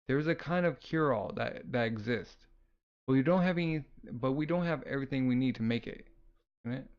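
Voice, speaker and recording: A man's voice: medium pitch, a little fast, lo-fi sound, close to an everyday voice. A man reading the lines of a brash, mocking young scientist from a comic, close to his own voice. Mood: smug.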